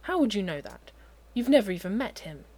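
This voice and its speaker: A woman's voice: mid-range voice, sing-song, brisk, darkish tone. A woman voicing a stuffy, uptight older upper-class man who speaks in clipped, disapproving replies. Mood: stiff.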